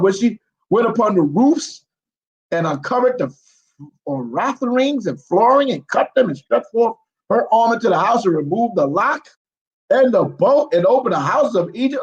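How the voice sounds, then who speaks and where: A man's voice: high-pitched, very animated, moderate pace, lo-fi sound. A man reads scripture aloud, stumbling over words and breaking off into profane, incredulous commentary.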